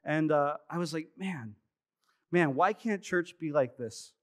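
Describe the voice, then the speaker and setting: A man's voice: a little high, unhurried. A man in his thirties preaching a sermon to his congregation, telling stories in a chatty way with self-deprecating humor. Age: 30s. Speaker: pastor. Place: church sanctuary, live service.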